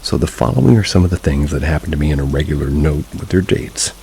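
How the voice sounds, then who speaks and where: Deep, gravelly man reading horror stories, measured. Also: lively intonation, warm tone, slight background noise, rough recording. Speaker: horror story narrator. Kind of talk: scripted narration of reader stories.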